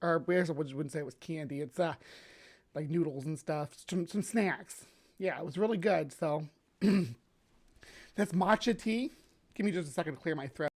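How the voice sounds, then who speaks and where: A woman's voice: low voice, normal speed, a little mellow. Bubbly, chatty woman live-streaming. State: slightly hoarse from sinus drainage. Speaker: livestream host. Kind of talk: casual live-stream chat. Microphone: webcam setup.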